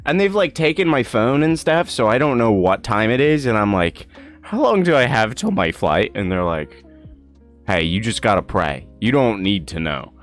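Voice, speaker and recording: A young man from Ireland tells a story on a livestream in a casual, animated way, swearing, laughing and acting out the people in it. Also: fairly low pitch, moderate pace, faint music behind. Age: young adult. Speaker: streamer.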